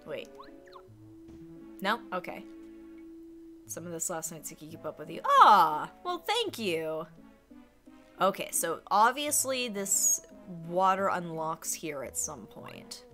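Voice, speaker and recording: Woman streamer, casual game commentary, unhurried, bright voice, lively pitch, faint music behind. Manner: chatty, exclamatory, giggly.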